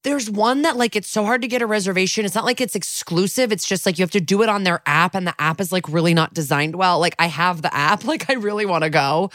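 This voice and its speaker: A woman's voice: mid-range voice, quick pace, hardly any pauses, a bit bright, no echo, clean studio sound. An American woman co-hosting a podcast from home, talking in a rambling, giggly way with many fillers. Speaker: podcast co-host. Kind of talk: casual chat. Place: home recording space.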